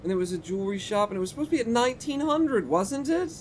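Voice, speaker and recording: A man's voice: very high voice, fast talker, few pauses, a little hiss or hum. A man streaming a game live, reading its text aloud and making sarcastic asides to his chat. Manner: animated, sarcastic, talks to chat.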